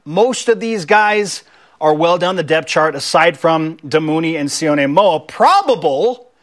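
Male sports radio host, high voice, upbeat, steady reading. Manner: upbeat, reads reports with a measured delivery.

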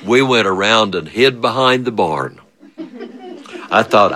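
A man spins a childhood tale at an unhurried pace, his voice swooping high and low as he acts it out. The tone is bright and clear, and he chuckles often between lines. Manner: animated, chuckling often, big swings of voice. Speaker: storyteller. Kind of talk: spoken storytelling.

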